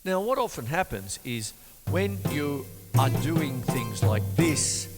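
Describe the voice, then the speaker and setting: A man's voice: fairly high pitch, sing-song, slow. A man teaching drums in a joking, chatty way, counting rhythms aloud. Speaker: drum teacher. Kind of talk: jokey drum lesson with spoken counting. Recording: reverberant room with drum music.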